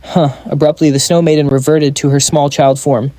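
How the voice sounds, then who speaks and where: Man, comic recap narrator, brisk, slightly high voice, mellow tone. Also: level tone, dry recording.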